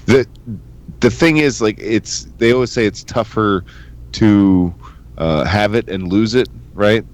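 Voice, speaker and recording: Low-voiced crude male podcast co-host. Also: measured pace. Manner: crude, joking, acts out quotes. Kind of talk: casual chat.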